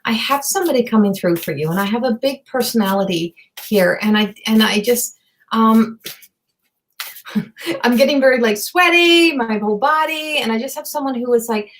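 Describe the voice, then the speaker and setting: A woman's voice: fairly high pitch, normal speed, a little hiss or hum. A woman giving a live psychic reading, earnest and emotive, rambling and repeating herself. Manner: rambling and repetitive, many fillers. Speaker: psychic medium and tarot reader.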